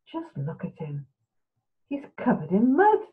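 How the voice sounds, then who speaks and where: A woman's voice: fairly high pitch, huge pitch swings, unhurried. A woman voicing an eager, self-important young male monkey in a bedtime storybook. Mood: fretful. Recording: tinny phone-like sound.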